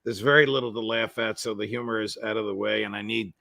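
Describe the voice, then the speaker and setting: A man hosting an interview, asking deliberate, polite questions in a conversational way. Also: fairly low pitch, steady tone, gravelly, sharp tone, no room sound. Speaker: host.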